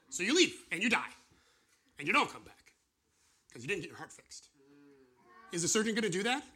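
Male pastor, informal class sermon; animated, acts out quotes; bright voice, pitch a bit high. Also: fast, long pauses. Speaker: pastor or church teacher.

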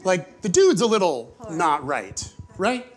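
Male preacher, sermon, conversational, joking, very animated pitch. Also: takes it slowly, slight background noise. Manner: conversational, jokey, acts out quotes. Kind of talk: sermon, storytelling a parable. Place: church before a live congregation.

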